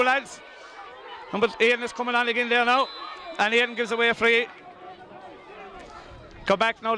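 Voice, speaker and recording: An Irish man calls a hurling final live from an outdoor pitch, cheering his own club on as he goes. His voice is high and bright, often tipping into shouts. A faint crowd and outdoor noise sit behind him. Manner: excitable, shouting, openly partisan. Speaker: partisan club commentator. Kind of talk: live hurling match commentary. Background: crowd and outdoor ambience.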